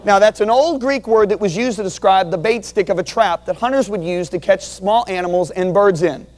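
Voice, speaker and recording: A man with a notably high speaking voice delivers an earnest teaching sermon. He leans hard into key phrases and has his listeners repeat words back to him, in the manner of a seasoned preacher. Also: fairly quick, darkish tone. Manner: earnest, emphatic, calls on the audience to repeat words. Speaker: Bible teacher.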